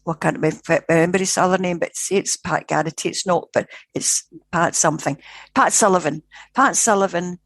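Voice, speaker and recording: An older woman, a psychical researcher, telling a story in a lively, rambling way that keeps correcting itself. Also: on the low side, fairly quick, no echo. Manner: animated, digressive, self-correcting. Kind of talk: conversational storytelling.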